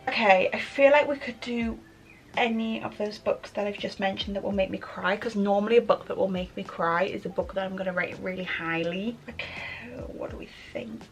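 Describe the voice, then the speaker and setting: Chatty young woman with a gravelly edge. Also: medium pitch, normal speed, highs cut off, faint music behind. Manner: chatty, thinking aloud, many ums. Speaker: book vlogger. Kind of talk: chatty reading vlog.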